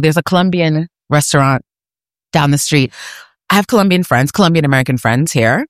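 A woman's voice: sits low, no room sound, studio quality. A woman from New York City, chatting casually and laughing often as a guest, seated at an outdoor eating area on a market street. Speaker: guest, food podcaster. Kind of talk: casual conversation.

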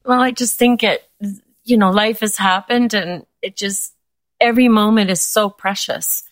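An older woman speaks frankly and from the heart as an interview guest. Her voice sits at a middle pitch. It was recorded close up, in a dry room. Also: normal speed, no room sound. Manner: candid and heartfelt. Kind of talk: emotional interview.

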